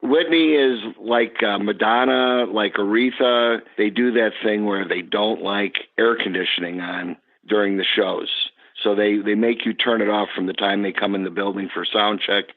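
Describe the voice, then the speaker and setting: A man, a guest on the podcast, telling an animated story about his past work. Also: on the low side, normal speed, few pauses. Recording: tinny phone line.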